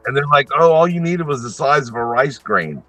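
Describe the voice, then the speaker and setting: A man's voice: mid-range voice, animated, brisk, a bit bright, faint music behind, rough recording. A man in a casual chat, telling a story in a laid-back, laughing way.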